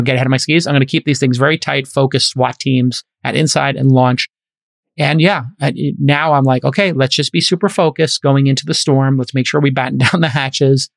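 A man's voice: mid-range voice, gravelly, dry recording, clean studio sound. A man in his fifties, an investor hosting a podcast, talking in a casual, emphatic and preachy way. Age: 50s. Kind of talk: casual chat.

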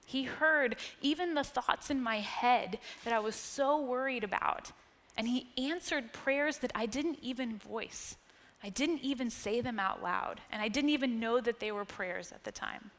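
An American woman in her thirties giving a sermon, telling personal stories in a chatty way, laughing often and dropping to a hush on key points. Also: a little high. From United States. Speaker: church speaker. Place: church sanctuary. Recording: long church-hall reverb.

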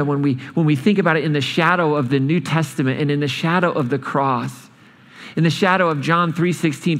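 A man preaching a sermon, storytelling with lively changes of speed and emphasis in a church hall. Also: a little high. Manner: animated storytelling, speeding up and slowing down. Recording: long hall reverb.

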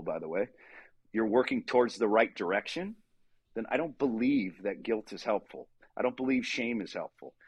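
Man, forties, husky breathy voice, dry close recording, fitness coach, earnest and animated, casual podcast talk. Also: mid-range voice, no room sound. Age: 40s. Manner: earnest, animated storyteller who acts out inner dialogue.

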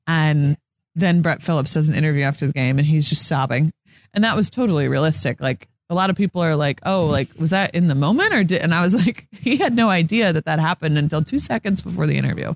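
A woman's voice: deep voice, lively intonation, fast talker, no room sound. Chatty young woman telling a story. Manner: earnest, chatty, many "like" fillers, acts out quotes. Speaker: sports TV reporter, interview guest. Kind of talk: casual interview storytelling.

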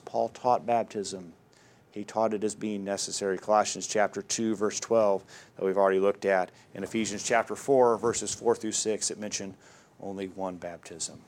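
A man's voice: fairly low pitch, fairly even intonation, moderate pace, darkish tone. A man preaching a sermon, reading scripture aloud with earnest emphasis.

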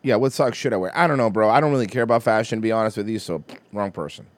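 A man's voice: fairly low pitch, very fast. A man hosting a podcast in casual chat, ranting and telling stories with heavy swearing. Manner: profane, ranting, animated storytelling. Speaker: podcast host.

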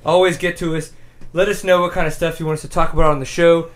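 A man's voice: a little high, little pitch movement, quick pace, a little hiss or hum. A young adult man with a Texan accent hosting a dirt-bike show wrap-up, out of breath, joking and flustered. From Texas. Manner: joking, flustered, laughing between phrases. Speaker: podcast host. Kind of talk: casual show wrap-up chat.

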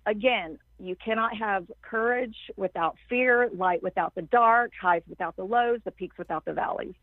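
Speaking at a moderate pace, a mid-range woman's voice belongs to an empowerment coach on a casual podcast interview, where she's emphatic and gushing in extended flowing stretches. There's no echo; the dry sound has a thin, telephone-like quality.

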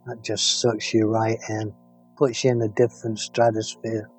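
A man with an English accent co-hosting a music podcast, chatting playfully and halting on fillers. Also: fairly low pitch, completely flat delivery, a little mellow. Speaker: podcast co-host. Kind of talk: casual chat about music.

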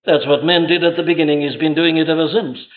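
A man's voice: fairly high pitch, steady tone, quick pace. A man preaching a sermon with emphatic delivery, rhetorical questions and vivid retelling of stories. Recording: dull lo-fi old sermon tape.

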